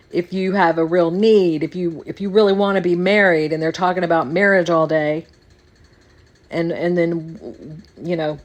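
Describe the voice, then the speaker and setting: Lady podcast host just talking, kinda low voice, circles back on the same phrases. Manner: rambling, repeats phrases for emphasis. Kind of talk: casual monologue.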